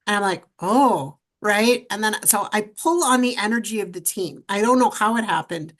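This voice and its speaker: A middle-aged woman, a podcast guest, telling her story in an animated, emphatic way. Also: medium pitch, brisk. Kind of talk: storytelling interview.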